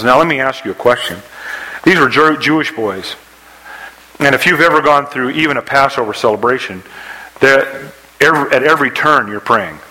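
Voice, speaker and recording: A man preaching a sermon, telling a story with rising excitement and dropping to a hush for quoted prayers. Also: normal speed, low-quality recording. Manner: storytelling preacher, acts out scenes with rising pitch. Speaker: pastor.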